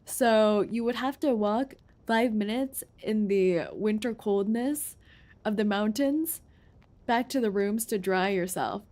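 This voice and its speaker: A woman's voice: medium pitch, slow pace, a little mellow. A woman streamer chatting playfully and reading game text aloud during a gameplay stream. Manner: playful and giggly, jokes around.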